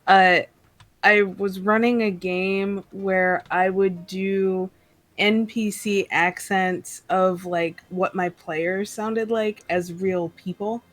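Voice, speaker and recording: A woman tells a story from running her tabletop game, taking her time. She speaks slowly, and the sound is dry and close. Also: mid-range voice, fairly even intonation, dry recording, soft background music. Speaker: panelist and game master. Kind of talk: casual chat.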